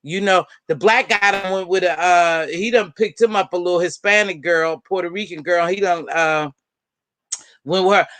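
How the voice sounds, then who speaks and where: A woman hosting a casual live-stream panel, chatting and gossiping in an animated way and calling out friends by name. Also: on the low side, normal speed, no echo. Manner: animated, talks straight to viewers and friends by name. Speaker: panel host.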